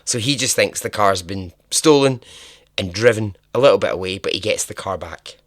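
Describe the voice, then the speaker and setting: A man's voice: fairly low pitch, normal speed, dry recording, clean studio sound. A man hosting a podcast, telling a true-crime story in a casual, chatty way, laughing and swearing now and then. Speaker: podcast host.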